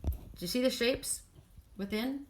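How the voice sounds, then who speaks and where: A woman's voice: fairly high pitch, a little slow. A woman giving a spiritual oracle card reading, speaking in an earnest, soothing way with affirmations.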